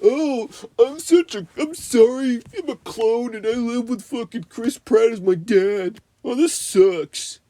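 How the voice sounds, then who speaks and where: A man's voice: very high voice, slow, hardly any pauses, mellow, no room sound, pitched above the performer's own voice. A man putting on a whiny, sulky teenage girl voice with a mock British accent, mocking and sing-song. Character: whiny, annoying teenage girl who is sulky and self-pitying.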